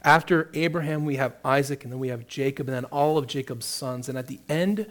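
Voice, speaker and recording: A man's voice: medium pitch, a little fast, fairly bright tone. A man preaching a sermon, reading scripture aloud and then explaining it with rising emphasis. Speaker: pastor.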